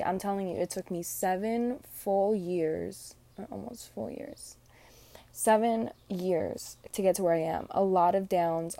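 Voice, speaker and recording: Earnest young woman, warm mellow voice. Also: mid-range voice, no room sound. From Puerto Rican. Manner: earnest, heartfelt, many fillers. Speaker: podcast host. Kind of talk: reflective solo podcast monologue.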